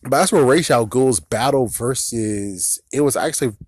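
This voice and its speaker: A man chatting through a movie review in a casual, excitable way, laughing often and swearing now and then. His voice sits at an ordinary middle pitch. The sound is dry and close, with no room around it. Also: moderate pace, no room sound.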